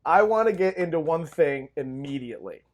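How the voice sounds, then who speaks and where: A man's voice: on the high side, expressive, brisk, dull audio, a little hiss or hum. A man co-hosting a casual movie review chat, enthusiastic, laughing often and swearing freely. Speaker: podcast co-host.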